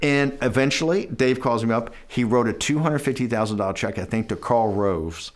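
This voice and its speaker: A man's voice: medium pitch, moderate pace. A middle-aged man telling a long anecdote in a documentary interview, acting out bits of dialogue and often restarting his sentences.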